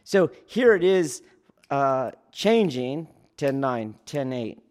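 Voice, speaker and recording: A man, a police academy instructor, explaining training in a casual teaching talk, checking in often with his listeners and acting out loud shouts. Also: mid-range voice, very animated, slow. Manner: keeps checking in with "do you see?"; acts out trainees and yelling officers in sudden loud bursts.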